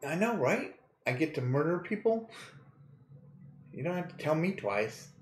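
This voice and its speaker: A gaming streamer with a slightly high, very animated voice gives casual let's-play commentary, speaking a little slowly. He jokes crudely, laughs often, and reads the game's text aloud, all in an echoey room.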